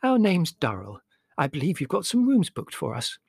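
A man reading aloud voices a gentle, evasive middle-aged mother in a storybook, speaking sweetly and mildly. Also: a little high, wildly swooping pitch, a little fast, slightly rough, no room sound, studio quality, pitched above the performer's own voice, heavily acted. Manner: sweet, mild and unruffled.

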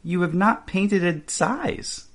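A man's voice: sits high, expressive, takes it slowly, fairly bright tone, voice pushed up, full character voice. A man as an eager young apprentice. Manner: respectful, eager.

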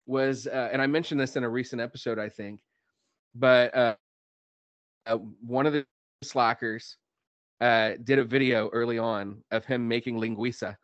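A man from Dallas, hosting a podcast and telling stories with lively quoted voices. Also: medium pitch, moderate pace, no echo, dull audio. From Dallas, Texas. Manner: animated storyteller, acts out quotes. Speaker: podcast host. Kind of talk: casual chat, storytelling.

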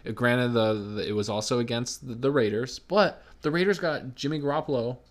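A young man with a mid-range voice co-hosts a relaxed sports chat. He weighs teams and players in a measured, analytical way and often restarts his sentences. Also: mid-range voice. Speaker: podcast co-host.

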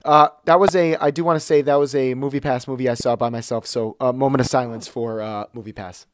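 A man at a mid pitch chats casually as a podcast co-host. He runs the segment clock in a relaxed, easy way. His voice is close and dry, with no room sound around it. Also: fairly quick, dry recording.

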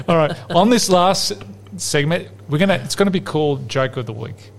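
A man's voice: fairly high pitch, normal speed. A man, a podcast host telling a long rambling joke in casual chat. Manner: rambling, lively, laughs at his own joke.

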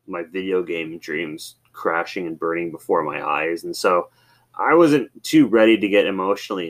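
Rambling low-voiced man telling stories. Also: fairly bright tone. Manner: rambling, loose, with swearing and many fillers. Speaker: podcast host. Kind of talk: casual storytelling monologue.

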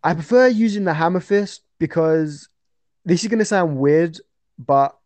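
A man's voice: on the high side, normal speed, darkish tone, no echo. A young man talking casually as an interview guest about his fights, rambling with fillers and restarts.

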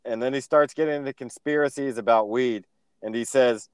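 A man's voice: mid-range voice, brisk, smooth, dry recording. Podcast co-host, male, laid-back, dry delivery, runs the segment. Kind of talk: casual movie review chat.

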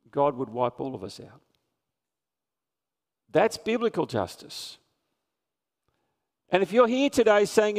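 In a church sanctuary, a man preaches a sermon in an earnest, conversational way, asking his congregation questions. His voice sits high, with a creaky, slightly mellow quality. It comes from a live church stream with long reverb.

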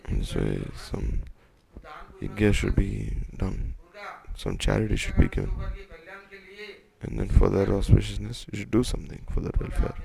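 Low gravelly man telling sacred stories. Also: warm tone, low-quality recording. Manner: loose, repetitive retelling with quoted dialogue. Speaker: devotional storyteller. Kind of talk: devotional story retelling.

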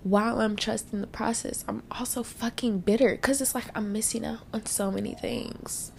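A woman's voice: fairly high pitch, steady tone, moderate pace, vocal fry, slight background noise. A young woman hosting a podcast, venting bluntly through tears and sniffles in a casual monologue, swearing freely. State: tearful, sniffling. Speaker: podcast host.

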